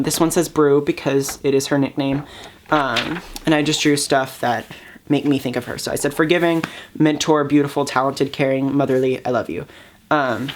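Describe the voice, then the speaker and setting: A man's voice: a little high, fairly bright tone, slight background noise. A young man talking casually to his camera as a YouTuber, hesitant and full of fillers, keeping an upbeat tone on purpose. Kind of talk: casual vlog talk.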